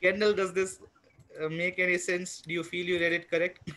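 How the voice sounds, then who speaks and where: A man teaching a live online math class to young children, encouraging and patient, counting parts aloud and filling pauses with "you know", speaking into a computer mic on a video call. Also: high-pitched, flat delivery, pushed and bright.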